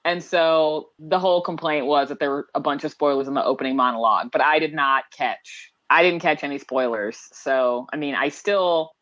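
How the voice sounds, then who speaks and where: Low-voiced woman co-host, muffled sound. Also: moderate pace, few pauses, a bit bright. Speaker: podcast co-host. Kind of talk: casual chat.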